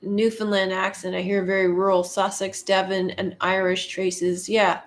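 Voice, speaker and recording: A Canadian woman hosting a live stream, chatting casually and answering viewer comments in an unhurried, conversational way with frequent ums. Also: medium pitch, level tone. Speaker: live chat host.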